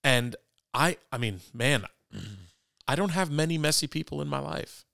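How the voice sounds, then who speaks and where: A man's voice: a little high, animated, measured pace, creaky, pushed and bright, no room sound, clean studio sound. A man in a casual faith conversation, telling a story earnestly and stammering over frequent restarts.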